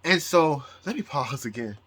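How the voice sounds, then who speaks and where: A man talking to his channel in a rambling personal monologue, halting and full of restarts, close to tears. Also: a little high, lively intonation, fairly bright tone, breathy edge. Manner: halting, with many repeated words and restarts. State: emotional, near tears. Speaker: astrology YouTuber.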